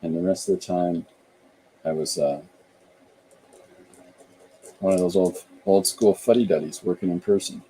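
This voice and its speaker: Deep-voiced middle-aged man chatting. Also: fairly even intonation, measured pace, pauses often, warm tone, slight background noise, low-quality recording. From Canada. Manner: rambling, thinking aloud with frequent restarts. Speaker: podcast host and author. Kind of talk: casual podcast chat.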